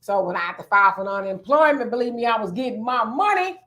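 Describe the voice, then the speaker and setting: A woman's voice: a little high, animated, fast talker. A woman from California with a Californian accent, hosting a casual livestream chat, reading viewer comments aloud and answering them. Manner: self-described loud talker. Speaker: host.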